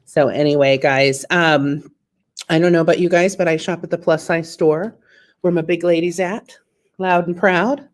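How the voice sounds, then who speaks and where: A woman's voice: lowish voice, steady tone, normal speed. Chatty woman doing self-deprecating stand-up. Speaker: stand-up comedian. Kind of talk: stand-up comedy set on a video call.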